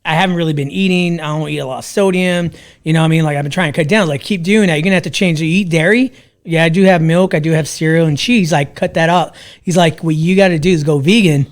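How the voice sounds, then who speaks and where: A man in his thirties, a podcast guest telling a story casually, profane and animated. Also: fairly high pitch, fast.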